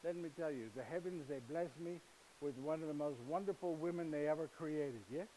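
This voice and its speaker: A man's voice: on the high side, mellow, slight background noise, natural voice, low-quality recording. A man playing humble, earnest Saint Joseph. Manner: halting, slightly broken English, speaks directly to listeners. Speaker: actor in first-person monologue. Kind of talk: live dramatic monologue to an audience. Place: retreat gathering with live audience.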